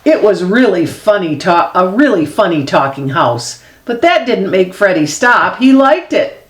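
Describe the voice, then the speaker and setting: A woman reading a children's picture book aloud as a storyteller, expressive and unhurried, dropping low for the grown-ups. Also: echoey room. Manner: slow expressive read-aloud with lively swings; drops low and soft for the grown-ups' voices.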